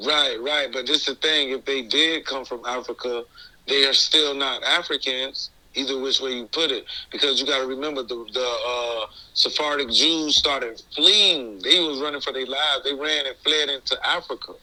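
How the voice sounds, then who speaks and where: A man's voice: medium pitch, fairly even intonation, normal speed, pushed and bright, rough recording. A man as an interview guest, talking casually in a loose, rambling way with many restarts and bits of slang. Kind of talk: casual conversation.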